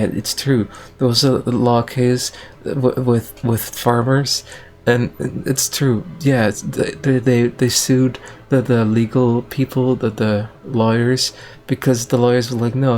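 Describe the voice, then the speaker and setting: A man improvising a story as he goes, in a rambling, hesitant way. He often restarts and fills pauses, at a mid pitch. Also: a little mellow.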